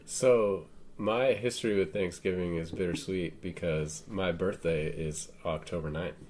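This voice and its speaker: Deep-voiced understated podcast man. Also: fairly even intonation, measured pace, darkish tone, slight background noise. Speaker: podcast co-host. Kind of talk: casual chat.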